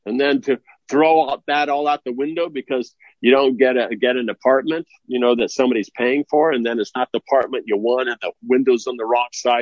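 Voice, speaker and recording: A man preaching a sermon, blunt and scolding, with a stream of rhetorical questions. His voice sits at a middling pitch, recorded dry and a bit dull. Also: fairly even intonation, brisk, few pauses, darkish tone, no echo. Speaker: spiritual teacher.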